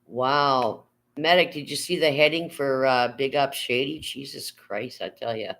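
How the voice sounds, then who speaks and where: An older woman hosts a relaxed livestream from her home. She rambles from one thing to the next, reads viewers' comments aloud and swears casually. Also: extremely low pitch, a little slow, creaky, poor audio. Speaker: livestream host.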